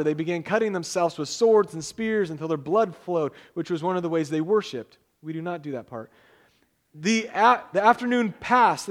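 Pastor, male, a bit higher-pitched than most men, relaxed joking sermon delivery with measured scripture reading. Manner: casual, conversational preaching with jokes; reads scripture aloud in a measured way.

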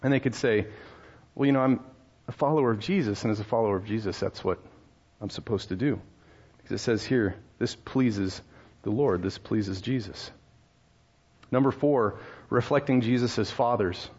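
A pastor in his thirties preaches conversationally, as if among friends, sharing family stories with laughs and posing rhetorical questions to the room. His middle-pitched voice is brisk, darkish and a little breathy. The recording sounds slightly dull and muffled.

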